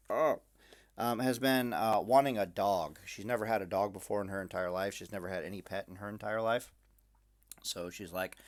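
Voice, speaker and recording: A man's voice: on the low side, normal speed, a bit bright. A man casually rambling in a vlog from his room at night, full of fillers and dry self-mocking jokes. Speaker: gaming video creator.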